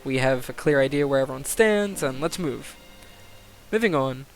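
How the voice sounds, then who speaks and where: A young man commentating a game simulation on a live stream, excitable, swearing and thinking aloud. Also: mid-range voice, moderate pace, faint music behind.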